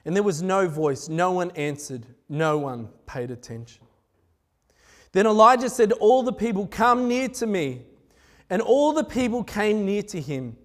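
High-voiced man preaching in a hall. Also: normal speed. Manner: animated, conversational retelling with laughing asides. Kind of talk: sermon. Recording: echoey hall.

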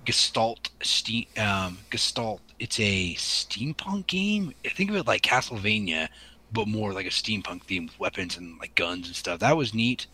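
Bright-voiced man rambling about games. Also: low-pitched, husky, rough recording. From Pacific Northwest. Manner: rambling, full of ums and restarts. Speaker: podcast co-host. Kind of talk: casual chat.

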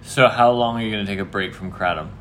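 A man hosting a laid-back podcast, with a low but bright, forward voice. He teases his co-host in a dry way, over a faint background hiss. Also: fast talker. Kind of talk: casual chat.

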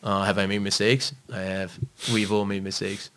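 A man's voice: lowish voice, normal speed. A man, a fitness trainer, talking bluntly and profanely in a casual chat, acting out what he tells clients. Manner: blunt, profane, animated when quoting others.

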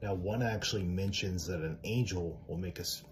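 Deep-voiced male podcaster, earnest and direct, loose rambling delivery. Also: steady tone, normal speed, hardly any pauses, a little mellow, a little hiss or hum. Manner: rambling, with many fillers and restarts. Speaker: Christian podcaster. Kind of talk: casual religious talk.

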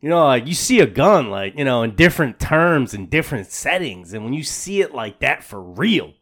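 A man co-hosting a casual podcast, telling a story in a loose, rambling way. He stumbles over his words and starts sentences over and over. His talk is slangy and full of swearing, and his voice sits at an ordinary middle pitch. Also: big pitch swings, normal speed, a bit bright. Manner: rambling, repeats words and restarts often; slangy and profane, says "bro" a lot. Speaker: podcast co-host.

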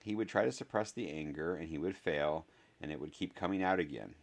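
A man reading a novel aloud as a narrator, in a steady, measured storytelling manner. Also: rumbling low, gravelly. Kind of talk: scripted audiobook narration.

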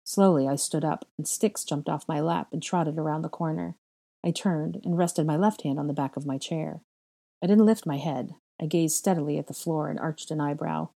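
A woman narrates a first-person story in a measured, quiet manner. Her voice sits low, with a husky, dark tone. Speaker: reader of a fan fiction story.

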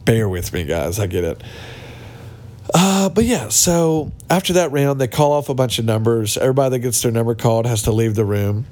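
A man's voice: medium pitch, lively intonation, fairly quick, a little mellow. A man hosting a casual podcast monologue, ranting bluntly and mocking people, recorded in a cabin without his usual mic. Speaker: podcast host. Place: cabin with other people around. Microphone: not his usual podcast mic.

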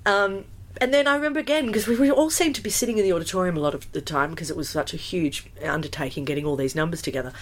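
A woman's voice: fairly low pitch, fast. Chatty woman, stage performer. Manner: chatty, animated, many fillers and restarts. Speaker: musical theatre performer. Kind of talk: casual interview storytelling.

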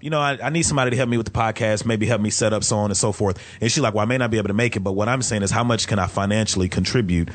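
Fast-talking low-voiced podcast host. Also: male voice. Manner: tells stories by acting out both sides of a conversation. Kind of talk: casual podcast chat.

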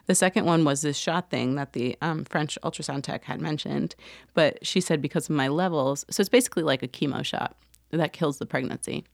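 A woman host telling a personal story in a casual monologue, animated and often laughing as she acts out other people's lines. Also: sits low, a little fast, creaky, no room sound, clean studio sound.

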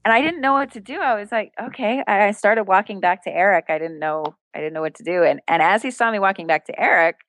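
A lively woman, a street performer and entertainer appearing as a guest, tells a street story in conversation, fast and with few pauses, in a dry recording. She's animated, laughs often, and acts out quoted voices with a jump in pitch.

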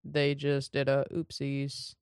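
A woman's voice: rumbling low, monotone, slow pace, a little mellow, smooth, no room sound, clean studio sound. A young adult woman co-hosting a casual podcast, joking around and often trailing off mid-thought. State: has hiccups. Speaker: podcast co-host. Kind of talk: casual chat.

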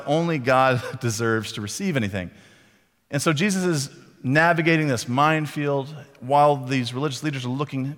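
Male pastor, casual sermon, acts out quoted lines, mid-pitched, long hall reverb. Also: fairly bright tone.

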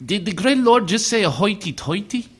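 A man's voice: sits high, lively intonation, normal speed, a bit bright, slightly rough, heavily acted. An actor playing a fawning, nervous male cult servant in an audio drama. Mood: servile. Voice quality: obsequious, nervous.

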